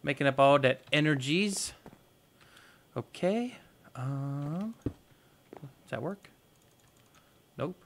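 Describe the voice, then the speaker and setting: A man's voice: on the high side, expressive, extremely slow, pauses often, a bit bright. A man hosting a gaming video, giving casual let's-play commentary and thinking aloud with playful, goofy exclamations.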